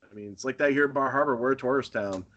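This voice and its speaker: A man from Northern Maine, a pro wrestler guest in a casual interview, telling animated stories and chuckling often. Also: medium pitch, fast, highs cut off.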